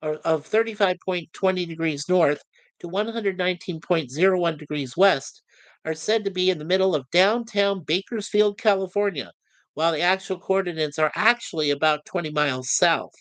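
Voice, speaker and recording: A man's voice: high-pitched, fairly bright tone, no room sound. A man hosting a casual livestream review of a TV series, chuckling as he reads out chat messages between trivia. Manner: friendly, chuckling, reads chat messages aloud with filler pauses. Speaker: podcast host reviewing a TV series.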